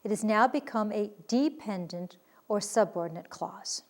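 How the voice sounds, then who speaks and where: A woman teaching a recorded grammar lesson, explaining clearly and deliberately and reading her examples with emphasis. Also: mid-range voice.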